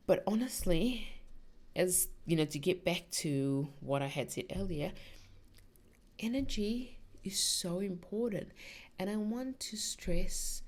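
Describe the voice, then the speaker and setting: Chatty woman musing on energy. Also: lowish voice. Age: middle-aged. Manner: chatty, rambling, many "like"s and restarts. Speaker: podcast host. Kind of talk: casual spiritual talk.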